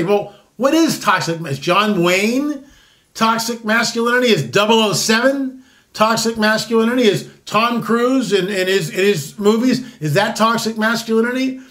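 A man's voice: high-pitched, expressive, unhurried, fairly bright tone. A man in his sixties hosting an opinionated commentary show, talking in a rambling way with many restarts and asides. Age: 60s.

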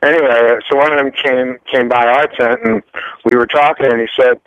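A man's voice: medium pitch, moderate pace, vocal fry, dry recording. A man from France speaks as a guest musician in a casual radio interview, telling stories in a rambling way and repeating his words. The sound is dull and lo-fi, and dry.

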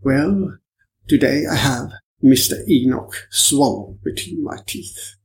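A man's voice: mid-range voice, takes it slowly. A man voicing a shrewd, amused French detective with a dry, teasing manner. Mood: wry.

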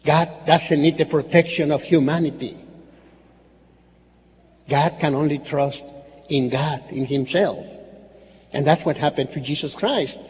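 Male priest, earnest sermon, slightly high voice, faint hall echo, light background hiss. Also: darkish tone. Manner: earnest, repetitive, with slips and restarts. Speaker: Catholic priest.

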